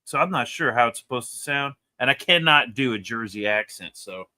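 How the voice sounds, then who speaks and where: A man reviewing comic books in casual chat, animated and rambling, laughing often as he talks. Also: mid-range voice, brisk.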